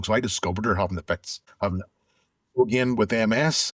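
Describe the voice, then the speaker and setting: A man's voice: deep voice, brisk, breathy edge, dry recording, clean studio sound. A middle-aged man, telling his own story as an interview guest in a reflective, conversational way with frequent restarts. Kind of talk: candid personal storytelling.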